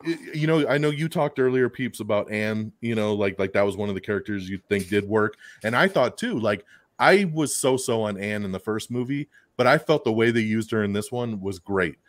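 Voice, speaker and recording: A man hosting a podcast in a casual chat, animated and full of fillers, chuckling often. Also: on the low side, fairly quick, no room sound. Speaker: podcast host reviewing a film.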